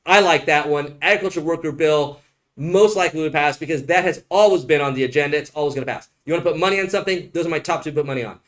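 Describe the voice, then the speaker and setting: A man with a slightly raised pitch fields viewer questions on a livestream, talking like a lawyer chatting off the cuff. He is blunt and joking, and he drifts into rambling side stories. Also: racing, fairly bright tone. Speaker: immigration attorney. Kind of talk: livestream Q&A answering viewer comments.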